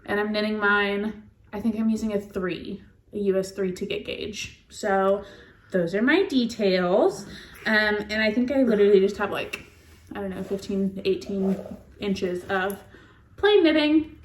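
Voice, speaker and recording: A woman's voice: medium pitch, measured pace, slight background noise. Chatty woman in an echoey room. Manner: chatty, rambling, laughs often. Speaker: podcast co-host. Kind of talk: casual chat about knitting.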